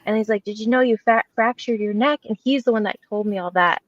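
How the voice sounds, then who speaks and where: Woman guest, mid-pitch, earnest and reflective, on dry, slightly muffled audio. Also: fast, no room sound. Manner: earnest and reflective, quoting herself. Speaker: podcast guest. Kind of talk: casual interview chat.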